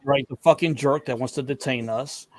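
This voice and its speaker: A man's voice: mid-range voice, fairly even intonation, moderate pace, a little mellow. A male podcast host asking questions and reacting with profane, joking banter. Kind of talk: casual interview chat.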